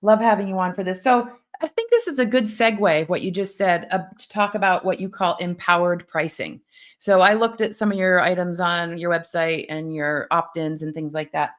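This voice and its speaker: Woman host with a lowish voice. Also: moderate pace. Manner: encouraging, frequent brief affirmations. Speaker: podcast host. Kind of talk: conversational interview.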